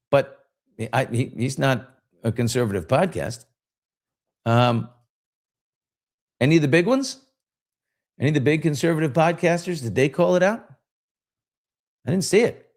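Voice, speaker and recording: An older man hosts a podcast in a loose, chatty way, thinking aloud and circling back on himself. His mid-range voice has a gravelly, fried edge. He sounds close to a studio mic. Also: medium pitch. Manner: conversational, reads comments aloud, trails off and restarts. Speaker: podcast host. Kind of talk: casual commentary.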